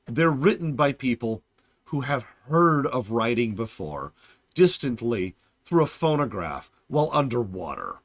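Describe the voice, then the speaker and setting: A man's voice: medium pitch, very animated, moderate pace, dry recording. A man giving casual stream commentary as a game reviewer, blunt and sarcastic, acting out scenes with theatrical flair.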